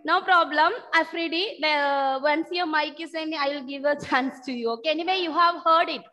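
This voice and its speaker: A woman teacher giving an online science lesson, patiently repeating key terms slowly so students can take notes. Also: sits high, bright, forceful tone, long reverb tail.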